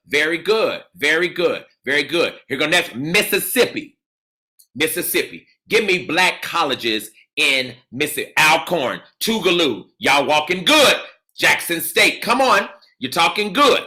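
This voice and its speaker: A man leading an audience in an energetic call-and-response lecture, cheering answers and repeating them with excitement. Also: fairly high pitch, a little slow. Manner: exuberant, repeats cheers like "come on" and "absolutely".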